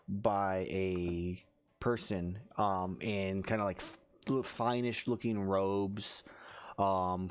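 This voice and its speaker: A man narrating as game master, rambling with many fillers. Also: lowish voice.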